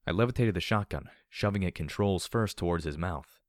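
A man narrating a first-person story in a steady, grave reading. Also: sits low, brisk, no room sound, studio quality. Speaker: audiobook narrator.

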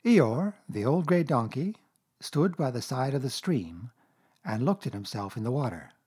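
A man narrating a children's storybook aloud, gentle and measured. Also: medium pitch, sing-song, husky. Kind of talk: storybook reading.

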